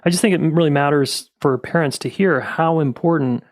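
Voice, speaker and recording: A man's voice: a little high, a little fast, no echo, clean studio sound. A man hosting a podcast, easygoing and affirming, with many "uh" fillers. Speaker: podcast host. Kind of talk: podcast interview and outro.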